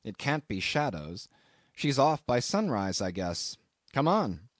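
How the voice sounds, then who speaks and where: A man's voice: mid-range voice, very animated, slow, no room sound, studio quality. A man voicing a blunt, impatient young sailor who speaks curtly.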